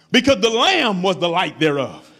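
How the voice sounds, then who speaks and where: Animated high-pitched preaching pastor. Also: male voice. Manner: preaching with rising shouts and repetition. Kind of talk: sermon.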